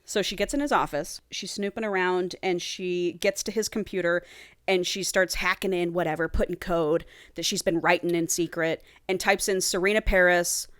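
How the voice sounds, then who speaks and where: A woman's voice: on the low side, fairly even intonation, moderate pace, no room sound, studio quality. A woman co-hosting a podcast, retelling a book's plot in casual chat and acting out the characters' lines with swearing. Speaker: podcast co-host.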